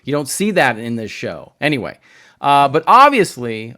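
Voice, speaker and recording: A man's voice: mid-range voice, very animated, moderate pace, bright, forceful tone. A man giving a casual, sarcastic video review, rambling with plenty of fillers.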